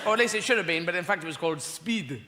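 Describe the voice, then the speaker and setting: A man's voice: high voice, lively intonation, racing. A man doing live stand-up comedy in a large theatre with a playful, rambling delivery. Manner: rambling, playful, broken schoolboy French. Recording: echoey hall, audience noise.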